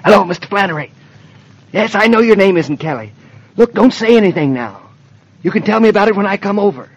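An actor playing a joking young husband who hides a surprise, in a 1940s radio acting style with punning, playful lines and hushed asides. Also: male voice, high-pitched, lively intonation, fairly quick. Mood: hushed secretive. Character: teasing young husband planning a secret surprise. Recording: dull lo-fi vintage radio transcription.

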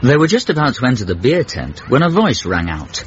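A man narrating a radio comedy drama with wry, measured storytelling. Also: medium pitch, wildly swooping pitch, background noise. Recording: dull lo-fi radio broadcast.

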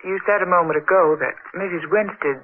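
A woman's voice: fairly low pitch, brisk, slight background noise, lightly acted. An actress playing a curious young woman at a seance, in 1940s radio acting style, eager and wide-eyed in her questions. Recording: tinny old radio broadcast recording.

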